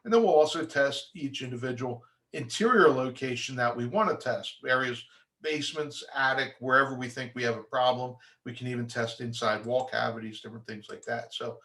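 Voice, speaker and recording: A man's voice: mid-range voice, sharp tone. A man talks through mold testing as an inspector, conversational and practical. His delivery is loose, with frequent fillers and restarts. He slips into short mimicked replies from the lab as he goes. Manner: acts out lab replies in quick asides.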